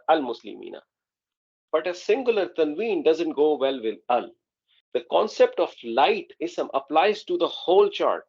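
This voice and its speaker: On a muffled recording, a man with a rather high, somewhat mellow voice teaches an Arabic grammar class online. He explains patiently and frequently checks that students are following.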